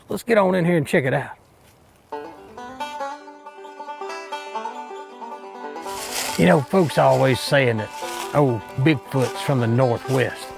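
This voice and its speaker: An actor playing a bumbling, boastful redneck Bigfoot hunter with an Alabama Southern drawl, rambling and cocky in a mock outdoor show. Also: male voice, fairly high pitch, vocal fry. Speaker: hunting show host character.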